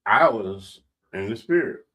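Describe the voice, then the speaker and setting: A man's voice: lowish voice, expressive, measured pace, sharp tone. A man co-hosting a casual radio talk show, asking questions and telling stories. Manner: storytelling, asks leading questions. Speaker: radio co-host.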